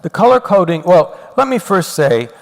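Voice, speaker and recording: Older male lecturer, lively pitch, gravelly edge, long hall reverb. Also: normal speed. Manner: animated, explains step by step, reads poetry aloud. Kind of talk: university lecture.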